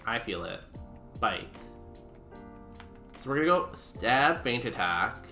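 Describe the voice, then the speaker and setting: A man's voice: medium pitch, very animated, takes it slowly, creaky, pushed and bright. A man streaming a game, chatting casually with goofy, self-mocking humor. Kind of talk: casual gameplay commentary. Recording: roomy echo with music behind.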